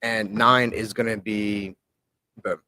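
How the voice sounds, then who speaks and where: A young man co-hosting a casual sports podcast, gruff and exasperated, swearing casually. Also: fairly low pitch, steady tone, slow, sharp tone, no room sound. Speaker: podcast co-host.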